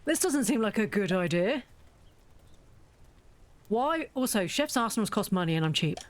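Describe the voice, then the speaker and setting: A woman's voice: medium pitch, big pitch swings, normal speed. Chatty self-mocking woman gamer. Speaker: game streamer. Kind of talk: casual let's-play commentary.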